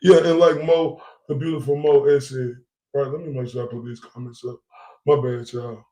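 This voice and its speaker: A man's voice: mid-range voice, level tone, moderate pace, mellow. Heated, profane man in echoey room. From Dallas area. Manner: heated, profane, repeats himself, asks "right?". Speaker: vlogger. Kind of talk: angry monologue to followers.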